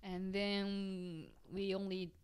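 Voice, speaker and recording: This woman speaks English with a Japanese accent. She talks slowly and haltingly as a guest, pausing on ums, and her voice is smooth and clear. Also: mid-range voice, little pitch movement. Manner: hesitant, searching for words with many ums. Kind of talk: casual chat.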